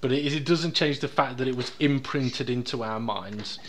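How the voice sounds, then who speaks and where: A man's voice: medium pitch, moderate pace, a crowd in the background. A man hosting a casual podcast, rambling and joking with lots of ums and uhs. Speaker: podcast host. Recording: noisy background hiss.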